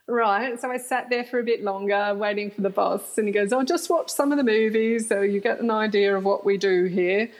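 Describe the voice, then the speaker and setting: A woman's voice: fairly high pitch, rough recording. A middle-aged woman, a guest telling frank stories in an interview and laughing often. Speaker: guest, author. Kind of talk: candid storytelling interview.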